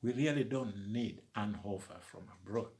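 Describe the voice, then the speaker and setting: A man's voice: on the low side, normal speed, darkish tone. A man delivering an emphatic opinion monologue with a preaching cadence. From Uganda. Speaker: commentator.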